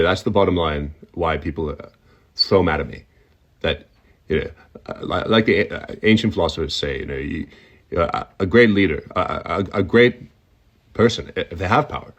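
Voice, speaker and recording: A man's voice: low voice, highs cut off. A man doing a stammering tech-mogul with whistling S's. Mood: rambling. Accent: sibilant front-of-mouth accent, slightly whistling S. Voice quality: heavy unpredictable stutter, repeated words. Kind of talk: comic impression.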